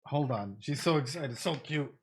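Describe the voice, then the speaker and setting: A man giving casual reaction commentary to an animated show on a live stream, talking straight to his chat and often repeating phrases. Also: mid-range voice, normal speed, husky. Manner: chatty, repeats phrases, addresses chat directly; thinks in Spanish at times.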